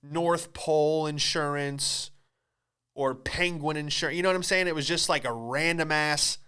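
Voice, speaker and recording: A male comedian tells a story on his podcast with an animated, exclamatory delivery full of swearing. His voice is bright, clear and sits fairly high for a man. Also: normal speed.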